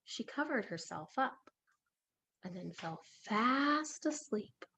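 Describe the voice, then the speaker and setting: A woman teacher reading a story aloud in a lesson, expressive and asking questions. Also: fairly high pitch, slow, vocal fry, breathy edge.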